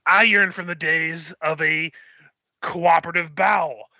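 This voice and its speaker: A man voicing a crotchety, aging goblin head custodian with a gruff, grumbling manner. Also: fairly high pitch, fairly even intonation, measured pace, bright, forceful tone, no room sound, lo-fi sound, pitched above the performer's own voice, exaggerated voice.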